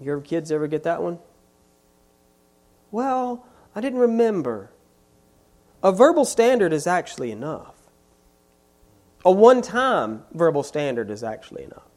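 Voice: mid-range voice, sing-song, moderate pace, a little mellow. A pastor preaching a sermon in an emphatic style, hammering key phrases again and again and building force on each repeat.

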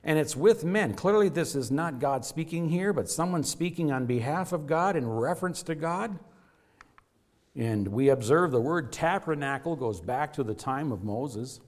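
Emphatic preaching man with lively pitch. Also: moderate pace. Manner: emphatic preaching with wide swings in pitch and loudness. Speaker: pastor. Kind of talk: sermon.

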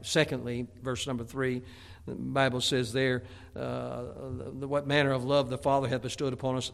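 A man's voice: medium pitch, level tone, moderate pace, vocal fry. A middle-aged man preaching a sermon in a folksy way, often restarting with stammered repeats. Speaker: pastor.

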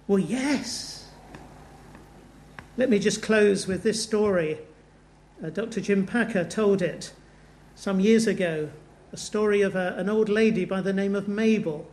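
High-voiced man preaching a sermon. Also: a little mellow. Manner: earnest storytelling, slows down for emphasis.

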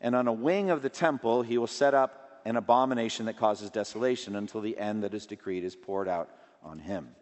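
A man preaching a sermon in an earnest way, his voice rising in pitch and force when he stresses a point. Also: brisk, a little mellow, long reverb tail.

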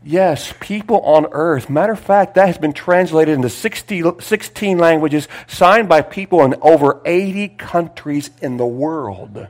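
A man preaching a sermon, reading scripture aloud with emphatic, drawn-out phrases and dropping into quiet asides. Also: fairly high pitch, poor audio. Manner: swings between loud emphatic reading and hushed asides; repeats phrases, drags out words for emphasis.

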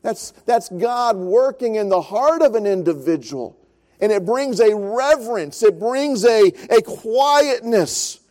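Earnest preacher, man in his fifties, high-pitched and warm, builds up then goes soft. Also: animated, slow pace. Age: 50s. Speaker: pastor. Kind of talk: sermon.

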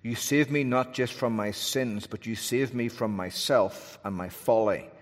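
A man's voice: medium pitch, unhurried. A man preaching a sermon in an earnest, emphatic way, with restarts and asides. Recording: long hall reverb.

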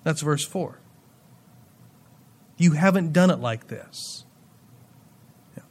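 A man with a high voice preaching to his congregation. He reads scripture aloud, then breaks into playful asides, and swings between loud emphasis and quiet, dropped endings. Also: expressive, slow pace, slight background noise. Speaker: pastor. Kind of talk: sermon.

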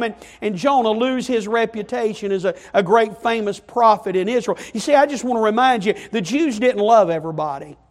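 Male preacher with a very high voice. Delivers a sermon and drives points home with rhetorical questions and repetition.

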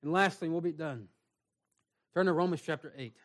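A man's voice: on the high side, moderate pace. A man pastor preaching a sermon in a small church, earnest and reading scripture aloud. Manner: earnest preaching, reads scripture aloud in King James wording.

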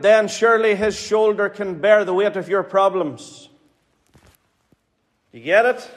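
A man with a Northern Irish accent preaching a sermon in an earnest, pleading way, repeating phrases for emphasis. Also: high voice. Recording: hall reverb.

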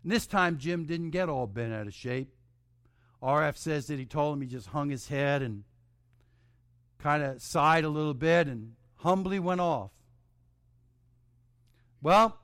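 Male preacher, high voice, dry close sound, dramatic storytelling, hushed then shouting. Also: a little slow, pauses often, no echo. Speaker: pastor. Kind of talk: storytelling sermon.

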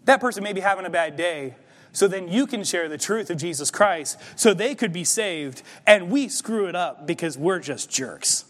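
Pastor, male, higher voice, chatty preaching that swells to emphatic points, reverberant sanctuary. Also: expressive, normal speed, fairly bright tone. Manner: conversational preaching, rising to emphatic peaks. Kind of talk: sermon. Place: church sanctuary.

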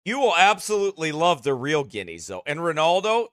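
A man's voice: a little high, wildly swooping pitch, brisk, fairly bright tone, no echo, studio quality. Goofy pastor guy laughing a lot on a livestream, bouncy up and down voice, kinda strained. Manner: giggly, laughs often, goofy. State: slightly strained voice. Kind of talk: casual livestream chat.

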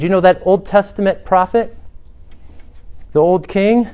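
A male pastor preaching a sermon who acts out the beggar's cries dramatically and drops to a soft hush when he reflects. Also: sits high.

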